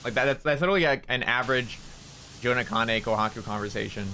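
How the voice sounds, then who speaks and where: A young male streamer with a bright, forward voice, talking to his chat while he plays. He rambles from joke to joke and swears freely, with a faint hum of game sound and noise behind him. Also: mid-range voice, fast talker, poor audio. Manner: rambling, profane and joking.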